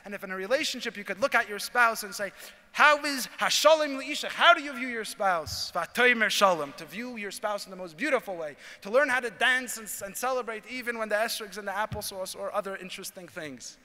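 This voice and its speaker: Bright, high-voiced rabbi in a big hall. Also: male voice, a little fast. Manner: animated storyteller acting out dialogue. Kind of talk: conference talk with storytelling. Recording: reverberant hall.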